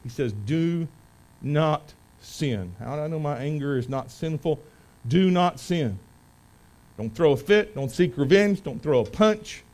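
In a church sanctuary, a pastor with a high, bright voice delivers an animated, folksy, chatty sermon at a slightly slow pace. He surges into loud, forceful emphasis, then falls back to quiet, offhand asides. The recording quality is low.

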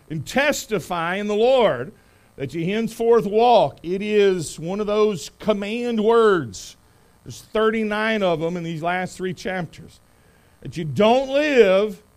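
A middle-aged man preaching, reading scripture with loud emphasis on key words and praying in a soft, hushed voice. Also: high voice. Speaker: pastor. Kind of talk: sermon with scripture reading and prayer.

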